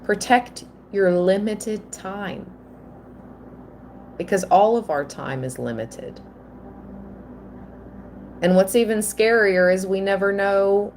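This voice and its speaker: Slow-talking woman reading tarot. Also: mid-range voice, a little mellow, slight background noise. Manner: slow, earnest and emotional. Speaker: tarot reader.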